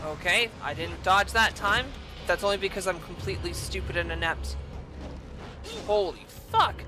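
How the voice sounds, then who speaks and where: A woman's voice: medium pitch, normal speed, music in the background. A woman streaming a video game, swearing and bursting out at what happens on screen. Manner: profane, explosive outbursts. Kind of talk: gaming stream commentary.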